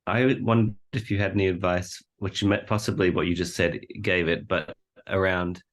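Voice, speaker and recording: A man's voice: low-pitched, steady tone, moderate pace. A man in the audience asking a question politely, hesitant with ums, heard from away from the mic.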